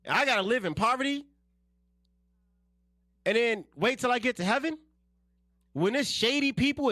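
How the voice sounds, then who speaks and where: A man's voice: very high-pitched, a bit bright, dry recording, clean studio sound. A man from South Central Los Angeles giving a blunt, slangy, fired-up radio monologue as host and political candidate.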